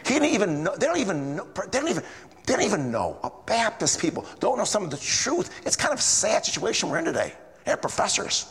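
A man's voice: high-pitched, big pitch swings, quick pace, fairly bright tone. A man preaching a sermon, telling stories animatedly and reading King James verses aloud. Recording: long reverb of a large room.

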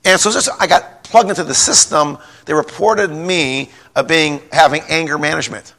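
A middle-aged pastor delivers a folksy sermon, rambling through a personal story, repeating words and rising to a shout when he gets stirred up. His voice is a little high and his speed normal.

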